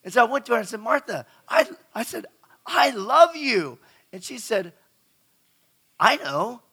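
Man, middle-aged, preacher, sermon, conversational, questions to audience, high bright voice. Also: animated, moderate pace, breathy edge. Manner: conversational, asks the crowd questions, repeats words.

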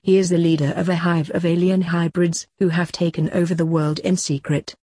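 A woman's voice: fairly low pitch, little pitch movement, a little fast, dark tone, no echo, clean studio sound, lightly acted. A woman reading the lines of an intense, paranoid male conspiracy theorist in a storybook, insistent and earnest.

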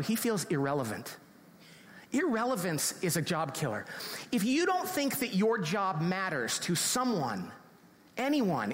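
Animated man telling a story in a big hall. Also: sits high. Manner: animated storyteller, acts out voices. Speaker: speaker in a played clip. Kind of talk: storytelling talk to an audience. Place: large auditorium with audience. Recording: reverberant hall.

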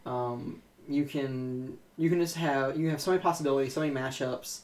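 A man's voice: medium pitch, a little fast, a little mellow, reverberant, rough recording. A young man co-hosting a podcast, talking casually in a rambling, hesitant way with many fillers. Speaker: podcast co-host. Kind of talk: casual chat.

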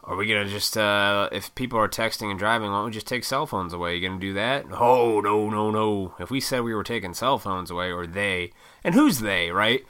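Deep bright clear-voiced guy in his 30s, rambling profane rant, real opinionated. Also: fairly quick, few pauses. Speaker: vlogger. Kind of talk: casual rant.

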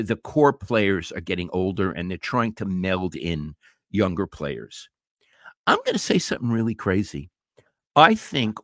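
An older man talks sports on a podcast in a lowish, animated voice that rises and falls widely. He is blunt and opinionated, often stumbling and restarting mid-thought. The recording is dry and close. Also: no echo. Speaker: co-host, retired sports writer. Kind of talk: casual sports podcast chat.

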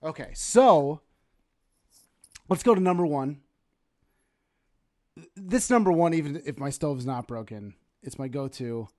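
A young man with a New York accent co-hosting a podcast in casual chat, animated and teasing, laughing often. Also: on the high side, a little slow, pauses often, dry recording, clean studio sound. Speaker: podcast co-host.

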